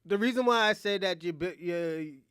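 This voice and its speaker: A man's voice: sits high, moderate pace, a bit bright, smooth, no room sound, studio quality. A man streaming his reaction to a talk show, laughing often and talking bluntly and crudely. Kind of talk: casual reaction commentary.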